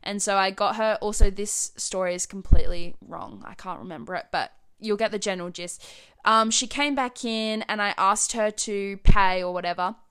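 A woman's voice: medium pitch, moderate pace, a bit bright, clean tone. A young Australian woman chatting to her viewers in a rambling, giggly way, full of "like". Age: young adult. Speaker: vlogger. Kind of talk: casual chat to camera.

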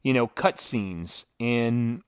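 Guy on a podcast trashing a movie, mid pitch, acts out the lines, dry close mic. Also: takes it slowly, smooth, no room sound. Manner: animated, mocking, acts out quotes. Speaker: podcast co-host. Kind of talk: casual movie review chat.

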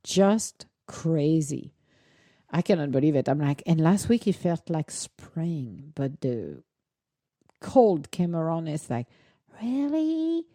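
Animated woman vlogger, low mellow voice. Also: slow pace, dry recording, studio quality. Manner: animated storytelling with laughs and acted quotes. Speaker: vlogger, dog owner. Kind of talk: casual chat.

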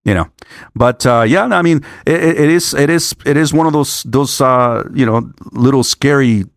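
A man's voice: mid-range voice, normal speed, creaky, dry recording, studio quality. An older man on a work trip, talking in a casual, rambling monologue, stumbling over restarts and swearing freely.

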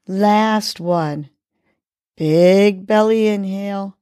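Slow, gentle woman guiding breathing. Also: medium pitch, dry recording. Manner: gentle, encouraging, slow and deliberate. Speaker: podcast host. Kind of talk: guided breathing and motivational talk.

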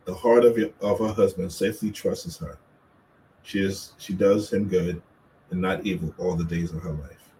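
Man, very deep voice, husband in a casual couple's chat, earnest with playful teasing, faint ambience. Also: steady tone, normal speed, dark tone, slight background noise, rough recording. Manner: earnest, plays the quotes of both spouses in a raised voice. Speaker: co-host, husband.

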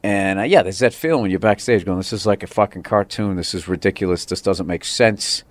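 A man in his forties from the area, telling stories in casual podcast chat as a comedian guest, animated and profane. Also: sits low, brisk, no echo. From Boston area. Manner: animated storytelling with put-on voices and profanity.

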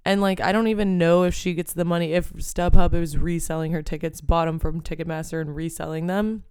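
Young woman podcast host, smooth voice with lots of vocal fry, swears a lot, rambles, dry close sound. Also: fairly low pitch, steady tone, brisk, darkish tone, dry recording. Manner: ranting, profane, rambling with many fillers. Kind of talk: casual solo podcast chat.

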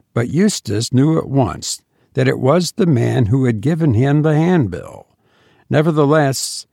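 A man reads a story aloud at a slow, measured pace. His voice has a gravelly grain. It is recorded dry and close. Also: mid-range voice, a little mellow, dry recording. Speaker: narrator. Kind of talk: storybook reading.

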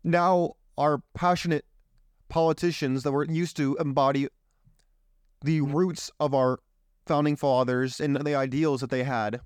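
Indignant male political commentator, clear voice. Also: a little high, fairly even intonation, measured pace, no echo, studio quality. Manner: indignant, rhetorical questions, rambling. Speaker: show host.

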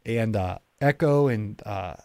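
A man's voice: fairly low pitch, takes it slowly, a little mellow, dry recording. Chatty man hosting a podcast. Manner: rambling, chatty, with many restarts and fillers. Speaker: podcast host. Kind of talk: casual interview chat.

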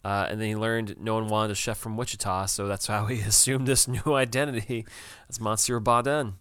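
A man's voice: lowish voice, little pitch movement, brisk, a bit bright, smooth, dry recording, studio quality. A man co-hosting a casual TV recap chat, talking loosely with many fillers and laughs. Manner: chatty, laughs often, many fillers and restarts. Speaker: podcast co-host.

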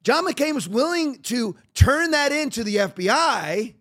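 A man's voice: extremely high pitch, big pitch swings, measured pace, a bit bright. A middle-aged man hosting a podcast, delivering emphatic, repetitive, sarcastic political commentary. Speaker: podcast host.

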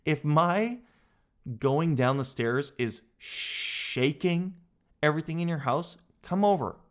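A man's voice: a little high, slow. Exasperated man ranting for laughs. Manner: animated, exasperated, peppered with "dude"; swears casually. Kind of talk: comedic rant.

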